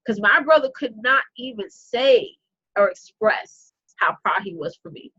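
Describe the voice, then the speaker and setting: A woman coach speaks in a fairly high voice, impassioned and preachy, repeating her lines for emphasis as she talks straight to her audience. The sound is dry and close, with no room around it. The recording itself is dull and lo-fi. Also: lively intonation, normal speed, sharp tone, breathy edge, dry recording. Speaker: business coach. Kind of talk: motivational live-stream talk.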